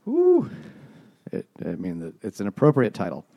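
A man on a casual podcast, retelling a story's plot in a relaxed way with some swearing. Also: sits low, fast. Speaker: podcast co-host. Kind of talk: casual chat.

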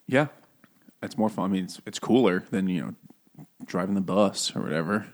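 A man's voice: low voice, normal speed. A man in casual podcast chat, laughing often, swearing and mimicking characters in goofy voices. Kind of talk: casual chat about a book and film.

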